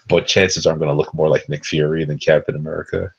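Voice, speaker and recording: A man's voice: extremely low pitch, little pitch movement, fast talker, gravelly, hardly any pauses, slight background noise. A young man co-hosting a podcast, chatting casually in a rambling, joking way. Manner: laid-back, rambling, joking, often restarts. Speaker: podcast co-host. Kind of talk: casual chat. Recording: dull lo-fi sound.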